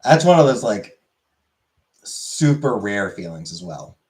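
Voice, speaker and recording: A man's voice: lowish voice, big pitch swings, a little slow, darkish tone. Rambling casual man streamer. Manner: rambling, filler-heavy, answers chat. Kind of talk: casual chat.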